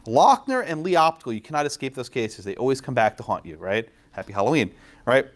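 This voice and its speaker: A man lecturing a law class, quizzing students and tagging points with quick questions. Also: medium pitch. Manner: lively, quizzes students, frequent tag questions. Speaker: law professor.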